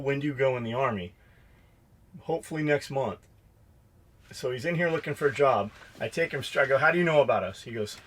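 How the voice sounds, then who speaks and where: Middle-aged man, podcast co-host, profane storyteller, acts out dialogue, casual chat, average pitch. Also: fairly bright tone, slightly rough. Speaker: podcast co-host and shop owner.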